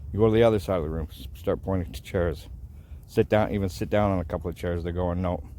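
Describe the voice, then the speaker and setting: A man's voice: deep voice, fairly even intonation, fast, mellow, a little hiss or hum. A man explaining dog training in a casual, folksy way, often checking in with "right?". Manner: folksy, repeats himself, asks "right?". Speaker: dog owner teaching training. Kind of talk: casual instructional vlog.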